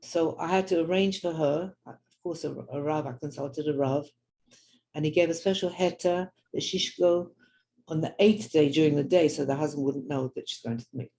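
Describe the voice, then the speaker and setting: An older woman with a London accent tells true stories in an earnest, personal way, acting out the people she quotes along the way. Her voice is gravelly and mellow, with a warm, darker tone. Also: sits low, a little fast, low-quality recording. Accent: London English. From grew up in London. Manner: earnest storyteller who acts out quoted people. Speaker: Jewish women's teacher and speaker. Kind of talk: personal storytelling talk.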